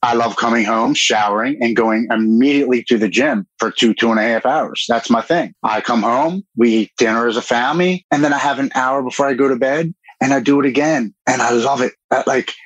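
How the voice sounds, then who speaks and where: A man's voice: medium pitch, fairly quick, few pauses, a bit bright, dry recording, lo-fi sound. A man from Baltimore, a guest in an interview, talking candidly and earnestly, now and then swearing in a casual way. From Baltimore, Maryland.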